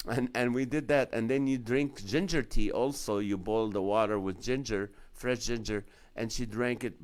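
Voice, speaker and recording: A middle-aged man, a comedian, hosting a casual live stream from home, telling rambling stories with jokes and frequent laughs. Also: mid-range voice. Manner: joking, laughs often, rambling asides. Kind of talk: casual storytelling chat.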